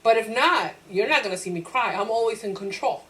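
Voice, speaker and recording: A woman teacher giving a lively classroom lecture. She acts out her own inner voice in quotes, asks the class rhetorical questions and laughs easily. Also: on the high side, fairly quick, poor audio.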